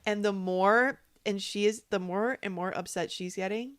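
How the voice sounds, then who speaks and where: A woman co-hosting a podcast, chatting casually in an animated way, laughing and acting out quotes. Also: mid-range voice, normal speed. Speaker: podcast co-host. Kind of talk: casual recap chat.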